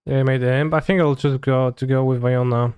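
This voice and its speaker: A man's voice: mid-range voice, fairly even intonation, a little fast, a little mellow, clear, resonant tone, dry recording. A man streaming a card game, talking casually through his plays and muttering to himself with loose, offhand remarks. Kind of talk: casual live play commentary.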